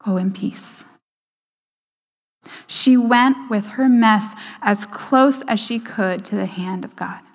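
A woman giving a sermon, slowing down for emphasis and dropping to a hushed voice for quoted lines. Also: a little high. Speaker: speaker at a church service. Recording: hall reverb.

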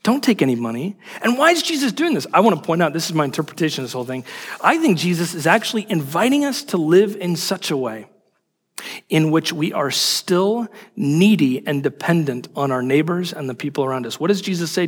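A man preaching a sermon in an animated, emphatic way, asking rhetorical questions. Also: fairly high pitch, a little fast, breathy edge, long reverb tail. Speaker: pastor.

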